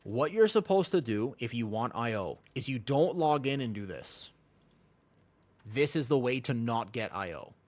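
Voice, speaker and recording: A man's voice: medium pitch, animated, moderate pace, darkish tone. A man live-streaming a video game, chatting casually with viewers and friends and explaining his point with emphatic repetition and the odd swear. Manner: talks to chat and friends while teaching.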